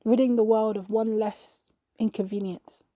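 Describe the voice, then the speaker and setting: A woman reading a scripted dramatic monologue for a podcast, slow and intimate, often sinking to a whisper. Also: a little high, fairly even intonation, no room sound, narrow, tinny audio. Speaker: podcast narrator.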